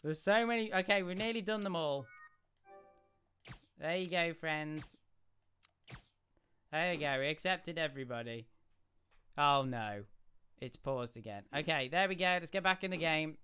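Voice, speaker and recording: A young British man live-streaming a video game, shouting excitedly during fights and mumbling while reading chat. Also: on the high side, measured pace, pauses often, slight background noise. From United Kingdom. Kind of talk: live gaming stream commentary.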